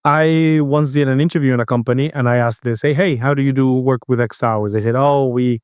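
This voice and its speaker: A man co-hosts a casual podcast, telling a work story at an ordinary pitch. He stops and restarts often and acts out the other people's lines as he goes. The sound is dry and close. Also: steady tone, clean tone, dry recording. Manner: storytelling, halting with restarts, acts out quoted voices. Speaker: podcast co-host. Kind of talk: casual chat.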